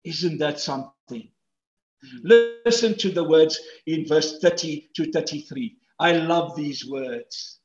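A man preaching a sermon as pastor, swinging between loud emphatic peaks and hushed asides. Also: fairly high pitch, slow, roomy sound, muffled recording, faint music behind.

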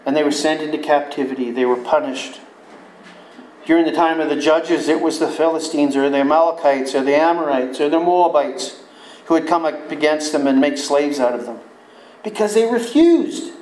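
Folksy preacher in an echoey room. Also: male voice, on the high side, moderate pace, a little mellow. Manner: folksy, conversational storytelling. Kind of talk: sermon.

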